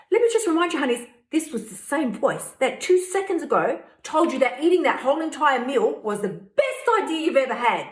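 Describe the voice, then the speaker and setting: A woman's voice: high voice, big pitch swings, a little fast, hardly any pauses. A woman hosting a weight-loss coaching podcast, blunt, profane and fired-up. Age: 50s. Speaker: host. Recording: roomy echo.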